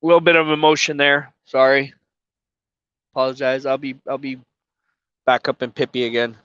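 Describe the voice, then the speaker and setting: A man's voice: medium pitch, fairly even intonation, normal speed, fairly bright tone, smooth, dry recording, highs cut off. A man live-streaming from his truck cab, crying and sniffling as he talks emotionally, swearing and apologizing. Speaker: trucker livestreamer. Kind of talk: casual live-stream talk.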